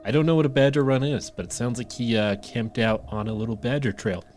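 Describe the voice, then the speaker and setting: A man's voice: medium pitch, fairly quick, a little mellow, faint music behind. A man co-hosting a podcast, reading listener stories aloud and adding dry jokes. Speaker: podcast co-host.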